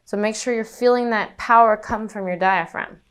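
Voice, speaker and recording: Woman teaching singing, smooth clear voice. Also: medium pitch, fairly even intonation, moderate pace. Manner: instructive, demonstrates breathing and panted notes. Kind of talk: vocal lesson demonstration.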